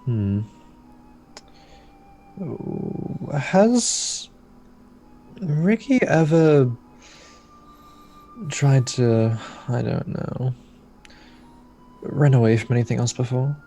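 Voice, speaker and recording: A man playing a character in a tabletop game, slow and measured. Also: mid-range voice, lively intonation, gravelly, mellow, faint music behind. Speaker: player. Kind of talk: in-character tabletop role-play.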